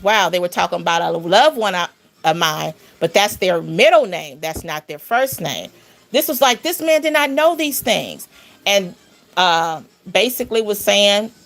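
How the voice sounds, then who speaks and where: Woman w a bit of vocal fry just rambling thru a story, AAVE, gets animated on the big parts. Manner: animated, rambling, rising pitch on emphasis. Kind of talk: casual storytelling.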